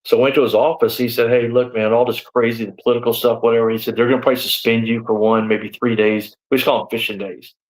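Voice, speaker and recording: Speaking fast with barely a pause, this man keeps a level, medium-pitched tone over a low-quality recording. Now in his sixties and a former deputy, he tells his story in a live interview, rambling slightly, reaching for "you know" and "man," and acting out quoted exchanges.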